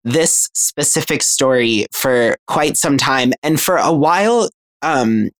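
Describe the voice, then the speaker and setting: Woman, low voice, casual podcast chat, nervous and giggly. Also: animated, slow. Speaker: podcast co-host.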